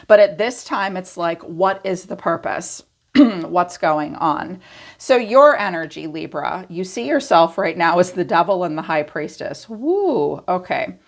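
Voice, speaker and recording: A congested woman with a raspy voice, giving a casual tarot reading and musing aloud as she clears her throat now and then. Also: fairly low pitch, expressive, a little slow, hardly any pauses. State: congested from allergies. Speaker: tarot reader.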